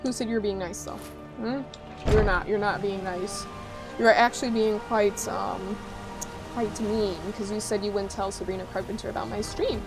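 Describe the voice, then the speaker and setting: A woman's voice: medium pitch, steady tone, normal speed. A woman livestreaming a game, chatting casually and teasing her viewers playfully. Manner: playful teasing, banter with chat. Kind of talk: casual livestream chat while gaming. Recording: game music under the voice. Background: game music.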